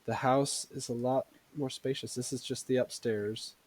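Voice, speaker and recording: A man's voice: medium pitch, steady tone, moderate pace. A man hosting a tabletop game as game master, chatting casually and laughing easily before the session starts.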